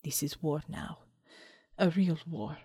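A woman's voice: deep voice, steady tone, takes it slowly, mellow, husky, no echo, studio quality, voice pushed down, heavily acted. A woman putting on a stern Russian commissar. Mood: grim. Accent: Russian, put on. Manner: commanding, clipped.

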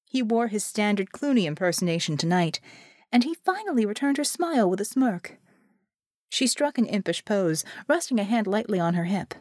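Brief: woman narrator, lively pitch, dry close recording, storytelling. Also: normal speed, dry recording. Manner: expressive, storytelling. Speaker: audiobook narrator. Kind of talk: scripted narration.

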